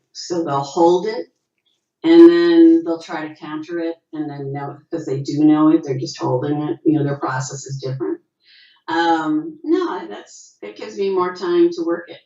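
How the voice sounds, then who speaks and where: Low-voiced actress on a video call. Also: female voice, moderate pace. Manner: animated storyteller, acts out quotes with rising pitch. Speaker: actress, interview guest. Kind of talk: casual interview over video call. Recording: dull, roomy video call audio.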